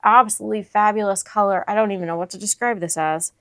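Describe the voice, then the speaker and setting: A woman hosting her crochet channel, gushing with excitement as she unboxes and shows off yarn, dropping into whispered asides. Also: medium pitch, fast, no room sound.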